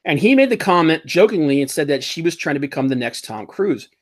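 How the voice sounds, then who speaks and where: Animated man riffing on movies. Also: on the high side, brisk. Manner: rambling, animated, laughs while mocking. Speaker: podcast host. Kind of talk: casual pop-culture chat.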